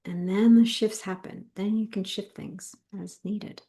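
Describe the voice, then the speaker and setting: A woman co-hosting a spiritual session, talking in a calm, measured way. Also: mid-range voice. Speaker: co-host and spiritual teacher. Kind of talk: spiritual talk.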